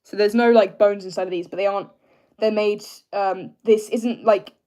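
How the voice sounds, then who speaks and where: A young man with a British accent, chatting casually on a live stream and answering viewers, hesitant with many fillers as he tries to keep his voice low. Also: fairly even intonation, darkish tone. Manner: hesitant, filler-heavy, deliberately lowering his pitch.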